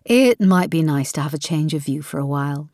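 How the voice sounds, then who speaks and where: A woman voicing a married man who is dry and gently mocking, with a lively, rather low voice. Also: no echo. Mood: teasing. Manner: wry, measured, gently mocking.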